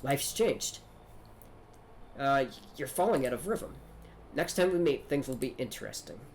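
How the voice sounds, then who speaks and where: A man's voice: mid-range voice, expressive, normal speed, a little hiss or hum. A man streaming a game, casually commenting, talking to chat and reading dialogue aloud. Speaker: gaming streamer.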